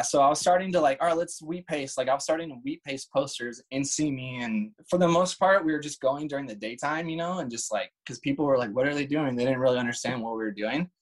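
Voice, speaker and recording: A man's voice: medium pitch, poor audio. A man in his thirties telling a story as a guest, casual and full of slang and swearing. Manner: laid-back, swears, lots of "like" and "dude".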